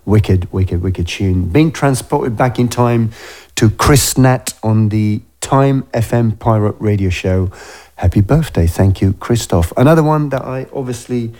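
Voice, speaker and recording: A man's voice: on the low side, unhurried, warm tone. A man hosting a radio show, chatting casually in a rambling way full of fillers, on a studio microphone.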